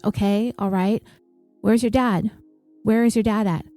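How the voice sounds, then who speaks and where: A woman voicing a calm emergency dispatcher who asks steady, reassuring questions. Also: medium pitch, measured pace, soft background music, close to an everyday voice. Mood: steady questioning.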